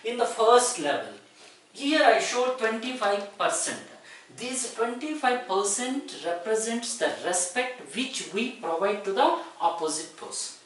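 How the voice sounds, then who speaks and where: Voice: medium pitch, lively intonation, unhurried, a bit bright, slight background noise. A teacher, explaining polite phrasing step by step and rephrasing points often. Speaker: English teacher. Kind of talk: explanatory lecture. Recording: very echoey room, voice from far off.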